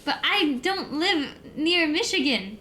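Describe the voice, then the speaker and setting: A woman's voice: high-pitched, expressive, slow, sharp tone, slight background noise. A young American woman streamer rambling in casual chat, laughing easily and filling her talk with "like". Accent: neutral American. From United States. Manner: rambling, chatty, laughs easily, filler-heavy.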